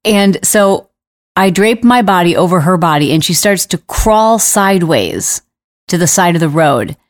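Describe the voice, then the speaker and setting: A middle-aged woman hosting a podcast, telling a story in a casual, animated way and laughing now and then. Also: on the low side, a little slow, no echo. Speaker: podcast host.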